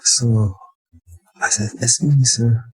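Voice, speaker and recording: An older man with a Barbadian accent, an interview guest telling stories in a lively way and acting out the voices of people in them. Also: mid-range voice, slow, slightly rough, soft background music, rough recording. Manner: animated, acts out voices in his anecdotes. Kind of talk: storytelling chat.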